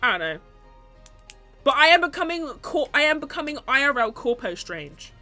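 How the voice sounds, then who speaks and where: A woman chatting casually on a stream, rambling and laughing at herself. Her voice is bright and her pitch swings a lot. Soft music plays faintly behind her. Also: very animated, moderate pace. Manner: rambling and self-mocking, often laughing.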